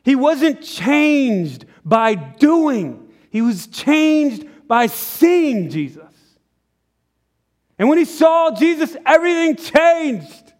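A man's voice: very high-pitched, very animated, extremely slow, a little mellow. A man preaching a sermon in church, telling a story with acted-out dialogue and sudden drops to a near whisper. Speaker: pastor. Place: church sanctuary.

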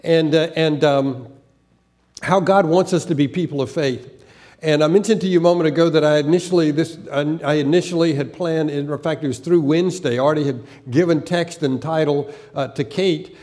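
A man preaching a sermon in a voice pitched a little above most men's. He was raised in the American South, and a faded Southern accent still colours his speech. He talks earnestly and haltingly, with frequent restarts and repeated words. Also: a little mellow. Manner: earnest, with occasional laughter. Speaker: pastor.

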